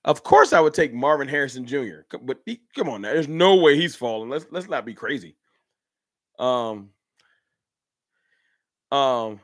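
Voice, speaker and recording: Animated man hosting a fan livestream. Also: mid-range voice, unhurried, long pauses, dry recording, clean studio sound. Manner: animated, slangy, talks to chat by name. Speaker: livestream host. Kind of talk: casual fan livestream talk. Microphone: streaming setup.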